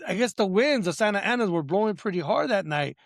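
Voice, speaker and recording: Casting note: male host, high gravelly voice, animated and cussing, dry sound. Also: fast talker, no echo. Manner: animated, profane, laughing storyteller. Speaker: podcast host. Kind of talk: casual podcast storytelling.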